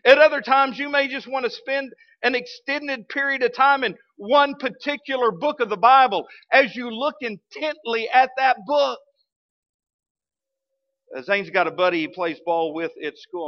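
A man pastor, preaching a sermon with animated, humorous storytelling and bursts of emphasis. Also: very high voice, normal speed, dull audio. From Arkansas, US.

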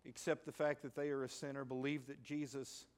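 Animated preaching pastor. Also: male voice, medium pitch, brisk, clean tone. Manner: animated storytelling with sudden shouted emphases. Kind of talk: sermon. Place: church sanctuary.

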